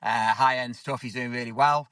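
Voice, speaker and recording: A man's voice: mid-range voice, steady tone, moderate pace, a bit bright, smooth, no room sound. A man with a lisp chatting as a podcast co-host, sitting in a parked car and rambling through stories from his week. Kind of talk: casual podcast chat.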